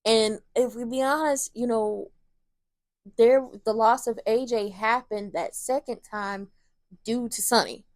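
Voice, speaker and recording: A woman's voice: fairly high pitch, fairly even intonation, a little slow, dry recording, studio quality. A woman hosting a casual soap opera recap, blunt and opinionated, swearing freely as she retells scenes in quoted lines.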